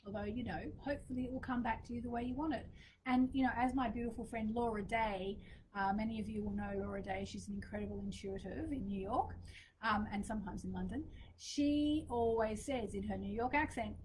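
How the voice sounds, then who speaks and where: A woman's voice: fairly high pitch, a little fast, low-quality recording. A woman leading a spiritual moon ceremony, talking in a casual, meandering, chatty way with fillers, recorded outdoors in a small courtyard. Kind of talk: casual spoken teaching. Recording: outdoor ambience noise behind voice.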